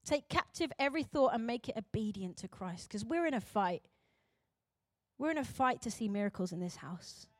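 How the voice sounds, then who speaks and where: A young woman pastor preaches a sermon in a high, bright voice. Her delivery is emphatic, rising to loud urgent calls and dropping to quiet intensity. The sound is dry and close. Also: animated, normal speed, no room sound.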